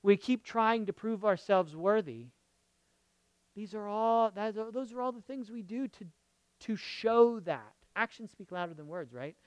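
A man preaching a conversational sermon as a pastor, jumping from loud emphatic lines to quiet murmured asides and checking in with his listeners. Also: sits high, expressive, a little slow, clear, resonant tone, no echo. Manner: checks in with the audience, asking okay and right.

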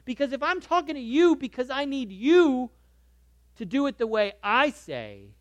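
A man preaching a sermon in a conversational way, moving between soft asides and lively emphasis. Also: very high voice, moderate pace, dry recording, muffled recording. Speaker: pastor.

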